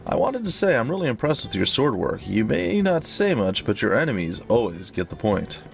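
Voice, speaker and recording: A man voicing an excitable, pun-loving female companion in a high, gushing voice. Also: moderate pace, vocal fry, soft background music.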